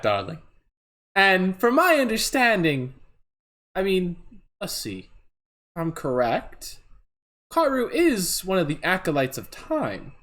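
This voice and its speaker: A woman's voice: on the low side, pitched above the performer's own voice, full character voice. A game master voicing a grand, theatrical woman who draws out her words and calls everyone darling.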